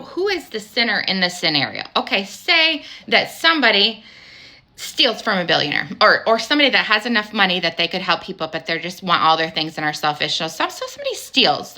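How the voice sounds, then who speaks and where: A woman's voice: medium pitch, pushed and bright. A woman delivering an angry, emphatic spiritual monologue, firing rhetorical questions and swearing casually. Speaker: spiritual vlogger.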